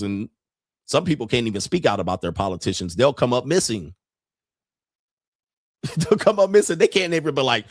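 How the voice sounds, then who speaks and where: A man hosting a casual commentary show, talking bluntly and profanely, laughing often and rising into animated disbelief. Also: medium pitch, moderate pace, no echo, studio quality. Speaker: podcast host.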